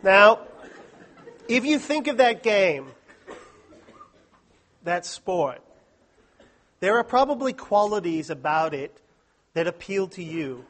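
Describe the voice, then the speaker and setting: A man's voice: sits high, big pitch swings, takes it slowly, pauses often, fairly bright tone. A man giving a humorous, self-deprecating talk to a live audience at a Christian study week. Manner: joking, self-deprecating, chatty asides.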